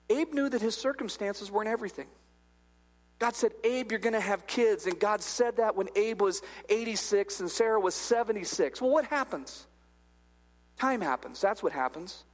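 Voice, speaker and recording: A man's voice: high voice, expressive, normal speed, pauses often. A male pastor preaching a humorous, conversational sermon in a church, acting out little dialogues as he goes. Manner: jokey, acts out little dialogues. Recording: long hall reverb.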